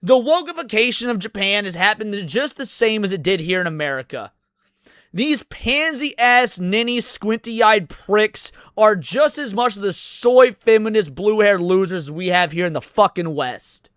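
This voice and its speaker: A man's voice: high-pitched, expressive, unhurried, a bit bright, clean tone, no echo. A male streamer ranting through a reaction video, swearing constantly. His voice rises and falls a lot, and the recording is dry and close. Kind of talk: profane reaction commentary.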